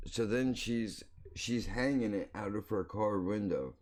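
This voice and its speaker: A man's voice: fairly low pitch, unhurried, darkish tone. A man hosting his own show, telling a story in a blunt, crude, rambling way, full of profanity and restarts. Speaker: podcast host.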